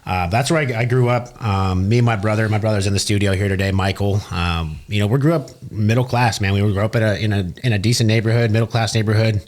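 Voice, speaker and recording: A man from Southern California, a business owner and podcast guest, telling stories in a studio interview, swearing often and acting out both sides of conversations. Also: fairly low pitch. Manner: fast, profane, animated retelling with quoted dialogue. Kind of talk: casual interview storytelling. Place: recording studio.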